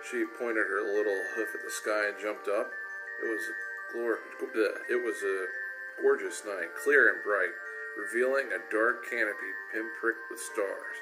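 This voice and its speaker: A man's voice: lowish voice, a little slow, over music, low-quality recording. A man giving a casual cold reading of a story aloud, often stumbling and correcting himself. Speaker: reader.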